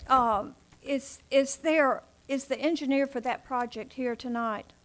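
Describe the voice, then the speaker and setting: A woman's voice: high-pitched, measured pace, fairly bright tone. A woman chairing a city planning commission meeting in council chambers, speaking in polite, formal procedural phrasing.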